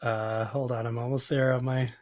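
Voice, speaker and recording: Male guest, animated rambling storyteller, average pitch, heard over a video call. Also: normal speed. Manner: animated, rambling, acts out quoted voices. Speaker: photographer and podcast guest. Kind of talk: casual storytelling interview.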